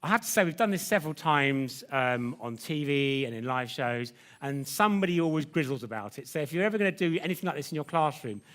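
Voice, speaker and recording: A man's voice: on the high side, expressive, fast, few pauses, a bit bright. A man presenting a live science demonstration lecture, chatty and jokey, teasing his assistant. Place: lecture theatre with audience.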